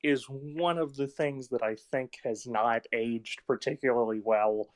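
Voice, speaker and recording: A man's voice: medium pitch, fairly even intonation, a little slow, dry recording. A man hosting a casual film podcast, telling stories in a rambling way with plenty of fillers. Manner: rambling anecdotes with many fillers. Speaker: podcast host.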